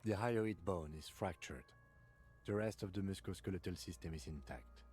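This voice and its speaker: A methodical police lieutenant from a video game. He speaks in a low, mellow voice. His manner is measured, dry and clinical. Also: husky, dry recording, soft background music. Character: calm, methodical adult male police lieutenant.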